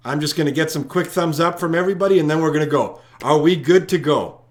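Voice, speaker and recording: A man's voice: a little high, quick pace. A man hosting a live-streamed trivia night, talking chattily and straight to his viewers. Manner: chatty, addressing viewers directly. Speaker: trivia host.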